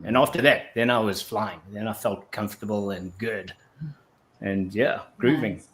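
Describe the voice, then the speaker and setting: On a casual interview show, an actor from South Africa recounts his story, rambling and restarting often. His voice is lowish, and he talks at a normal speed.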